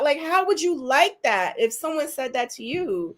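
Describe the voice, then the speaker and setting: Animated woman chatting on a live stream. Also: extremely high pitch, moderate pace, hardly any pauses. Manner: animated, emphatic, repeats words for stress. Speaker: co-host recapping a dating show. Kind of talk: casual live-stream chat.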